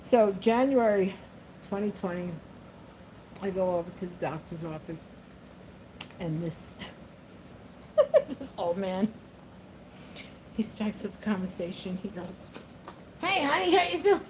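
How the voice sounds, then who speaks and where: A woman's voice: fairly low pitch, a little slow, long pauses, warm tone, a little hiss or hum, low-quality recording. Rambling, laughing woman vlogger. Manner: rambling, laughs often, talks to her pet. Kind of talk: casual chat to camera.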